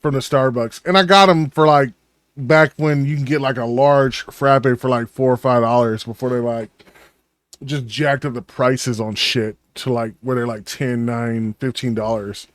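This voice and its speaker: A man's voice: mid-range voice, steady tone, normal speed, dry recording. A man co-hosting a podcast, telling rambling stories in casual chat and swearing freely. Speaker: podcast co-host.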